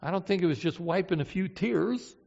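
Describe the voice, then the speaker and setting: A man preaching a sermon, emotive, moving between hushed and impassioned delivery. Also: sits high, brisk, gravelly. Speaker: pastor. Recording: reverberant hall, dull lo-fi sound.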